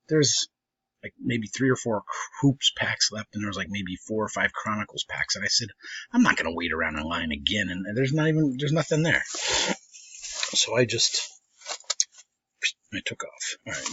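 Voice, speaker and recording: A man's voice: on the low side, pushed and bright, slightly rough, no echo. A man, a trading card collector telling a rambling, casual story and acting out what people said. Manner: rambling, laughs often, mimics people in quotes. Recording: slightly dull lo-fi audio with faint noise.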